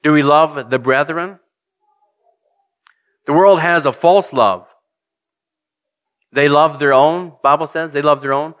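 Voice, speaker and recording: A man's voice: on the high side, slow pace, pauses often, fairly bright tone. A man preaching a sermon, earnest and direct, putting questions to his congregation and reading scripture aloud.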